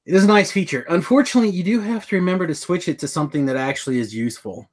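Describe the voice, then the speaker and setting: A man's voice: high-pitched, very fast. A middle-aged man co-hosting a casual podcast chat, joking and rambling on a webcam call. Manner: joking, rambling, hums tunes. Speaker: podcast co-host. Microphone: webcam video call.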